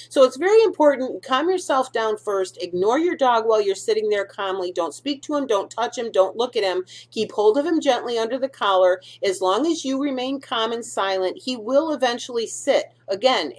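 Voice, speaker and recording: Walking viewers through dog-care steps in a relaxed way, this middle-aged host keeps asking "okay?" and "do you see?". Her voice is a little high.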